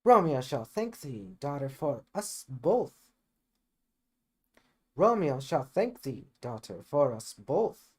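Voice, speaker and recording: A man playing a grave, measured old friar. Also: medium pitch, big pitch swings, husky, exaggerated voice. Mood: kind. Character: solemn older male friar, counselling. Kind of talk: amateur Shakespeare reading.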